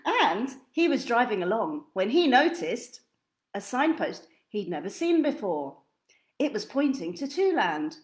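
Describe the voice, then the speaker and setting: A woman with a slightly high voice gives an expressive, sing-song reading of a children's picture book at a measured pace.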